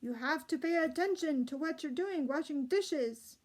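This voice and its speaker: A woman voicing a bad-tempered male kitchen cook who scolds and shouts in a storybook reading. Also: high-pitched, normal speed, voice pushed up, close to an everyday voice. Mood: angry.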